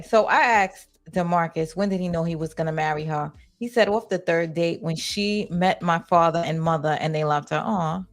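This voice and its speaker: A woman's voice: fairly low pitch, vocal fry. A young adult woman, hosting a live chat, candid and blunt, reading viewer comments. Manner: candid, blunt, swears casually. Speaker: livestream host.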